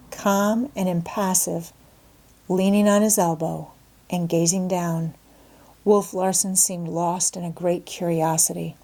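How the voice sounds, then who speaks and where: This is a female audiobook narrator reading a classic novel aloud. She keeps a medium pitch and a measured, expressive storytelling style.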